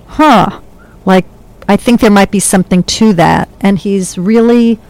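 A woman working as a psychic medium, talking in a gentle, soothing way with a rambling flow in a studio. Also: mid-range voice, a little slow, no echo, poor audio. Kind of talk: spiritual reading, casual chat.

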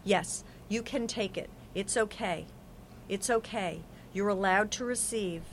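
A woman's voice: mid-range voice, measured pace, a little hiss or hum. A woman giving an earnest, affirming spiritual reading on a podcast, with lots of repetition. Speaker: psychic reader.

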